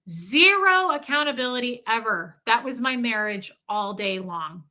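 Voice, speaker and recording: A woman's voice: on the high side, expressive, moderate pace, hardly any pauses, sharp tone. A woman hosting a livestream, telling a personal story with emphasis and greeting her chat along the way. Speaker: livestream host.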